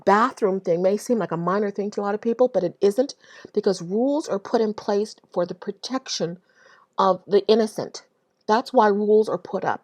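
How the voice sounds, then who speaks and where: A woman earnestly telling a religious testimony in a monologue, halting often and repeating herself as she restarts phrases. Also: lowish voice, warm tone. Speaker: Christian vlogger.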